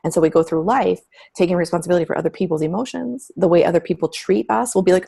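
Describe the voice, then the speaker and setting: A woman's voice: lowish voice, fast, vocal fry, dark tone, husky. A middle-aged woman speaking candidly as an interview guest, telling stories with emphatic, frank language. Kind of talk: conversational interview.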